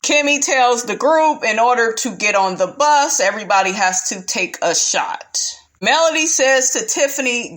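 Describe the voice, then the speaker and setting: A woman's voice: on the high side, expressive, unhurried, fairly bright tone. A woman giving a chatty, sassy recap of a reality show episode, calling her audience honey and girl. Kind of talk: casual show recap commentary.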